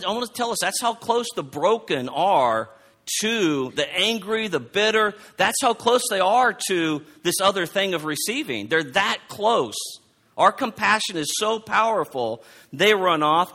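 Bright-voiced middle-aged man preaching. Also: high voice. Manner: halting, repeats words, warm storytelling with scripture reading. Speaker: pastor. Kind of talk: sermon with personal story.

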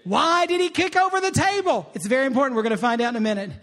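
A man preaching a sermon, lively and conversational, tossing in call-and-response asides to the congregation. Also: extremely high pitch, rapid-fire. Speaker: pastor.

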